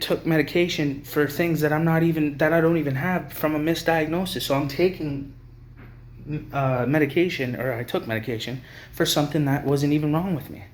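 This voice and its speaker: Young Canadian man, heated profane vlog rant, mid-range voice, faint background hum. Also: medium pitch. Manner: heated, profane, repeats himself and trails off. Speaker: vlogger. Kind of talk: angry rant to camera.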